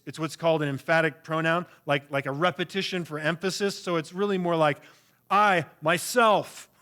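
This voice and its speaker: A man preaching a sermon with an earnest, emphatic delivery. His voice sits a little higher than most men's, and he often repeats words as he builds to his point. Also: a bit bright. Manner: earnest, emphatic preaching with frequent word repetitions. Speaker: pastor.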